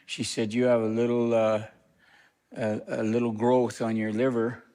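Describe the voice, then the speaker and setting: A man's voice: mid-range voice, flat delivery, normal speed, mellow. An older man talks plainly and conversationally, recounting events to a congregation. His voice sits in the middle range. The long reverb of a church sanctuary rings around him. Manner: plain, conversational storytelling with restarts. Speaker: guest minister. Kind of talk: telling a personal story to a congregation.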